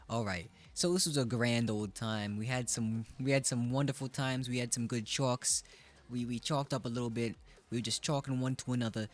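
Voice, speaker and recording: A man in his twenties chatting casually on a live stream, playful and joking at his own expense. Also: medium pitch. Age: 20s. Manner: playful, joking, self-mocking. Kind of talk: casual chat.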